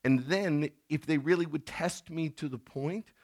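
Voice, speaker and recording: A middle-aged man preaching a sermon in a conversational tone, now and then acting out scenes in sudden loud bursts. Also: fairly high pitch, unhurried. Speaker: pastor.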